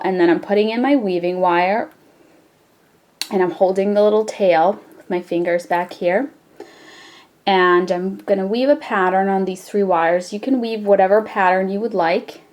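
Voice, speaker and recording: A woman hosting a jewelry-making tutorial, explaining each step in a relaxed, chatty way with frequent fillers. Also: mid-range voice. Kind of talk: casual step-by-step craft tutorial.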